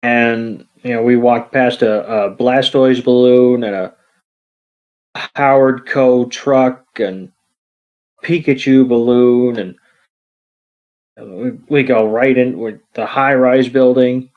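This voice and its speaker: A man's voice: medium pitch, steady tone, slow. Man retelling scenes over dull podcast audio. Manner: rambling scene-by-scene retelling with fillers. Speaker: podcast co-host. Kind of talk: casual movie recap chat.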